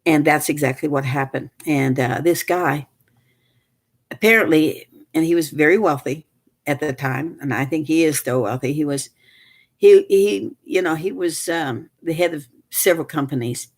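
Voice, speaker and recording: An older woman telling a family story in a casual, rambling way, full of restarts and fillers, and getting animated as she relives events. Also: deep voice, normal speed. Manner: animated, rises sharply when reliving moments.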